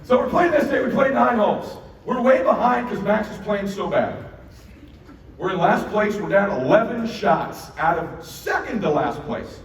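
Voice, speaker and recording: A middle-aged man giving a motivational keynote on stage, telling a story in an animated, profane way and acting out the dialogue. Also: high voice, normal speed. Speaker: keynote speaker. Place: large event hall on stage. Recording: echoey hall from far off with noise.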